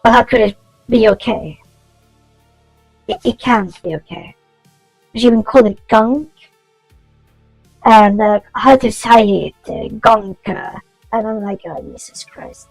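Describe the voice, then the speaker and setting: Woman streamer, kinda high voice with vocal fry, rambly and sweary, dry close sound, faint music behind. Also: a little slow, pauses often, darkish tone, no room sound, poor audio. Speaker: streamer coding a game. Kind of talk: casual chat while coding.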